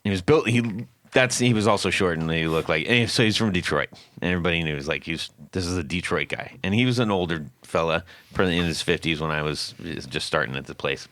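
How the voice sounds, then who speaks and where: A man hosting a podcast, telling a story in a casual, animated way and laughing often. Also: low-pitched, fast, no room sound. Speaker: podcast host.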